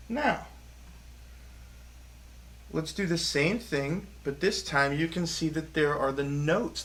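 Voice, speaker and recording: A music teacher leads a children's rhythm lesson, cheerfully chanting rhythm syllables for the kids to echo. His voice is a little high, with music playing behind him and slight background noise.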